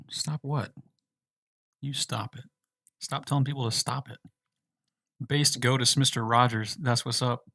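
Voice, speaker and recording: A man from the United States chats casually on a livestream, reading out viewer questions and answering them loosely. His voice sits at an ordinary middle pitch. The sound is dry and close, with no room echo. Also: fairly bright tone. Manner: laid-back, reads viewer questions aloud and answers loosely. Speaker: livestream host answering chat.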